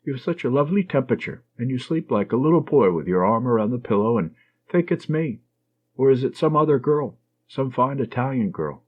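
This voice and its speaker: An affectionate young nurse, teasing and fond, as a husky male narrator puts her on. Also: mid-range voice, animated, fairly quick, natural voice. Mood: tender. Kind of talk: audiobook reading. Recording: dull lo-fi recording.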